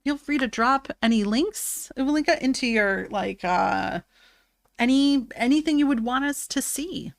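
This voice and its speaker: A woman live streamer in casual chat with her viewers, talking loosely with lots of "like" and breaking into bright, high greetings. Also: expressive, moderate pace, vocal fry, no room sound, clean studio sound. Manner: chatty, fills with "like", bursts into high greetings.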